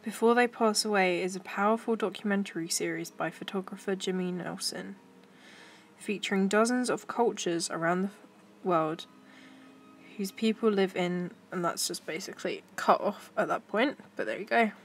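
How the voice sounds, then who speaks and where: A woman's voice: medium pitch, normal speed, slight background noise. A young woman chatting casually to her stream while browsing pictures, giggly and talking to herself.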